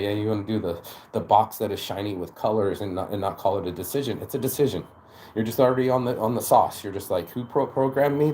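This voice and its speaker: A man's voice: lowish voice, a little mellow, slight background noise. A man hosting his own channel, delivering a casual motivational monologue in a blunt, profane way, full of stammered restarts. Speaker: channel host.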